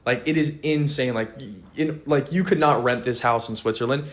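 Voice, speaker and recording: A man's voice: medium pitch, normal speed. An eighteen-year-old man, a podcast guest, chatting casually in slang with lots of swearing and fillers. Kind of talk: casual chat.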